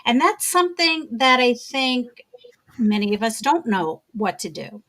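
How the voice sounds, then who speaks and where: A woman's voice: fairly high pitch, big pitch swings, a little slow, a bit bright. A woman from New York City, a summit panelist on a video call, sharing thoughtful, encouraging comments with a few fillers. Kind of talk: casual discussion.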